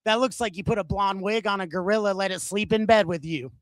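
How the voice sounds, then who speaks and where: A man's voice: sits high, fairly quick, no echo, lightly acted. Brief: male comic putting on a rude woman cashier, brash and insulting, in a dry sound. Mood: mocking. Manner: loud, mocking insults.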